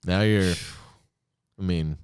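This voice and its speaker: A man hosting a podcast in casual chat, excitable and heavy on profanity. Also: sits low, slow pace, smooth, no echo, studio quality. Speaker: podcast host.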